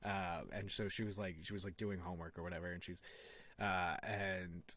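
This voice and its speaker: A man's voice: deep voice, normal speed. A young man co-hosting a casual podcast, telling stories with lots of acted-out quotes. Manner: animated storytelling, acts out quotes. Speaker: podcast co-host.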